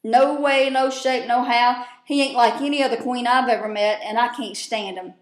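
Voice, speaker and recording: In an echoey room, a woman with a slightly high voice goes over a TV show's events at a moderate pace for her casual vlog. Her recap is profane and blunt, full of rambling fillers.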